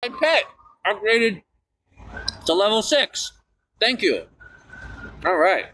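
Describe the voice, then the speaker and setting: A man talking on a live stream in a bright, lively voice. He sits a bit high for a man and leaps between near-shouts and low mutters, always excitable and rambling. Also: takes it slowly. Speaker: livestreamer.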